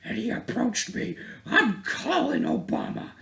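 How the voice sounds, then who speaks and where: A man putting on the voice of an indignant young woman in a mocking falsetto, squealing with outrage. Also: wildly swooping pitch, a little slow, vocal fry, fairly bright tone, slight background noise, heavily acted. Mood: shrill outrage. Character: shrill indignant young woman, easily offended.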